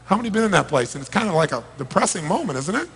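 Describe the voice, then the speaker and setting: A middle-aged man giving an emphatic motivational seminar talk to a large crowd, firing rhetorical questions at them and swinging between loud and soft. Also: high-pitched, big pitch swings, very fast, vocal fry. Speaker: motivational speaker. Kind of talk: live seminar talk to a big audience. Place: large event hall. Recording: reverberant large hall.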